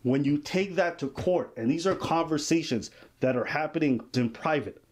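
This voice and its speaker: A man's voice: on the high side, moderate pace. A man hosting a podcast, giving emphatic casual commentary on a legal case. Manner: emphatic, reads quotes aloud in dramatized voices. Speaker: podcast host.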